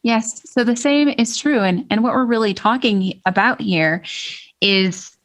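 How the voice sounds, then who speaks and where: A woman's voice: a little high, unhurried. A woman co-hosting a podcast who explains ideas thoughtfully in casual conversation and stresses key words. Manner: thoughtful, explains ideas with frequent restarts and emphasis. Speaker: podcast co-host.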